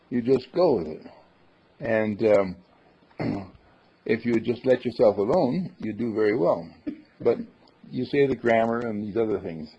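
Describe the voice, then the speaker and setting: A man's voice: medium pitch, husky. A man giving a rambling, folksy spiritual talk, acting out the quotes he tells. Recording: dull lo-fi recording.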